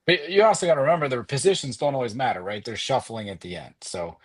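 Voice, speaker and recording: Husky-voiced man with wry jokes. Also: medium pitch, fast talker, dry recording. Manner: wry and joking, swears casually. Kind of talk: casual live-stream chat.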